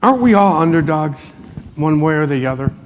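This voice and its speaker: A man's voice: fairly high pitch, lively intonation, a little fast, slight background noise. A man giving a motivational keynote in a large conference hall, telling folksy anecdotes and chuckling often. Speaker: motivational speaker. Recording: long hall reverb.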